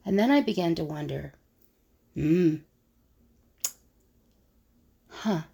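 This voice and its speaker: A woman talks through her thoughts in a reflective solo monologue, her low voice gravelly and husky. She works as a conflict resolution coach and now and then slips into the scoffing tone people use on each other. It sounds musing and personal. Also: expressive, unhurried, warm tone.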